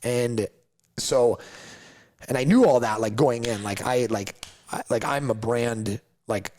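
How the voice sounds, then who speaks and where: Guy founder telling a story on a podcast, super animated, says "like" constantly. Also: medium pitch, measured pace, slight background noise. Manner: animated, acts out others' lines, heavy use of "like". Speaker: podcast guest, coffee company founder. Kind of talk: casual storytelling.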